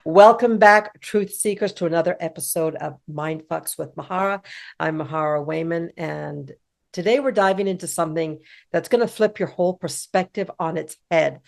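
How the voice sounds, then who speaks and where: Gravelly-voiced woman hosting a punchy podcast. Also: lowish voice, normal speed. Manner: punchy and emphatic, with casual swearing. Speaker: podcast host. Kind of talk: self-help podcast monologue.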